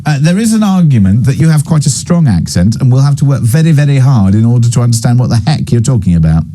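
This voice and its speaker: A man's voice: medium pitch, big pitch swings, fast, mellow. A man hosting a breakfast talk show in a chatty, bantering, digressive way. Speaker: radio and TV talk show host.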